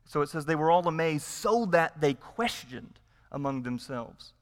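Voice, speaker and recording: A man's voice: a little high, lively intonation, unhurried. Emphatic male preacher in a reverberant hall. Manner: emphatic preaching with repetition and rhetorical questions. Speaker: pastor. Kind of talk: sermon.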